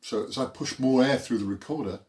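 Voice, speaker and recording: A man's voice: medium pitch, a little fast, a little mellow. A man teaching a beginner cello lesson in an informal, explanatory way with dry, self-mocking humour. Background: cello playing between phrases.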